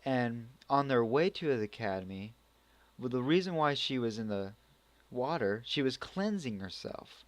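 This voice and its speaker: A man's voice: mid-range voice, lively intonation, moderate pace, no room sound. A man giving a casual spoken anime review, rambling with many restarts. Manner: rambling, full of restarts and acted reactions.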